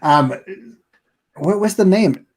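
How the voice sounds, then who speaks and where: A man hosting a casual live stream chat, telling a funny story in an animated way and laughing between lines. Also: sits high, slow, vocal fry.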